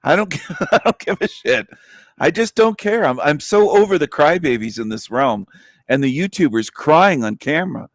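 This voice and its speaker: A man's voice: a little high, animated, moderate pace, no room sound, clean studio sound. Profane, scornful man ranting. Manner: blunt and profane, with scornful laughs. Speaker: livestream host. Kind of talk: angry rant.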